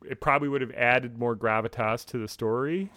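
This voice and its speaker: Man, American accent, podcast co-host, thoughtful, smooth voice, dry. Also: medium pitch, a bit bright, dry recording. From United States. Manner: thoughtful, halting, restarts mid-sentence. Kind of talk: casual chat.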